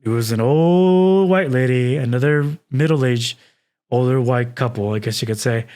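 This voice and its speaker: A man's voice: medium pitch, moderate pace. A man in his thirties from Texas, hosting a casual podcast chat and telling stories with lots of swearing. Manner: profane, animated storyteller. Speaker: podcast host.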